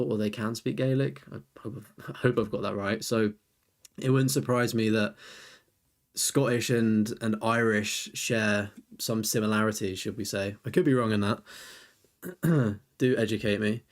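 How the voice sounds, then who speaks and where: A man's voice: mid-range voice, fairly even intonation, moderate pace. A young man chatting casually on a live stream, rambling as he reviews viewers' lists and answers chat.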